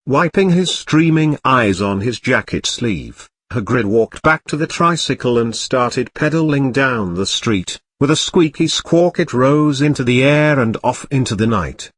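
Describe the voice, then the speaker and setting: A man's voice: mid-range voice, lively intonation, unhurried, few pauses, a bit bright, dry recording. Man reading a comic storybook, dry. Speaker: narrator.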